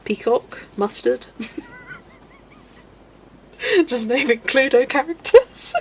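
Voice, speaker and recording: A woman's voice: fairly high pitch, slow, a little mellow. A woman hosting a livestream, chatting casually with viewers and laughing often. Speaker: colouring livestream host. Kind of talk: casual chat reading live comments. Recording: faint background noise.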